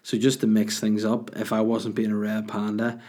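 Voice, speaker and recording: A man's voice: lowish voice, monotone, normal speed, mellow. A man hosting a podcast, rambling and joking as he answers listener questions. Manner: rambling, jokey, sweary. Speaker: podcast host.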